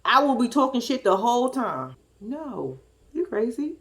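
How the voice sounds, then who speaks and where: A woman's voice: fairly high pitch, sing-song, a little slow. A woman giving a sassy, casual recap of a reality TV episode, acting out the cast's lines in her own voice. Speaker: reality TV commentator.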